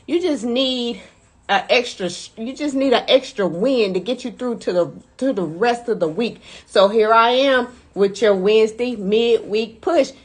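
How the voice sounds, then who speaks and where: A woman coach giving a chatty, energetic motivational live talk, hyping up her listeners. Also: fairly high pitch. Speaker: mindset coach.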